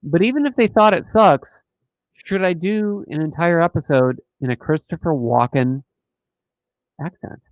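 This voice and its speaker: A man's voice: fairly high pitch, measured pace, no room sound, rough recording. A man hosting a casual live stream, joking and rambling in a playful, silly way.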